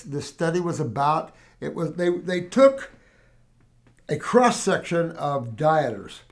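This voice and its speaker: Older male host, higher register, casual rambling storyteller. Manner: rambling, animated storytelling with restarts and acted quotes. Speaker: herbal health show host answering questions. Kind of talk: casual Q&A talk.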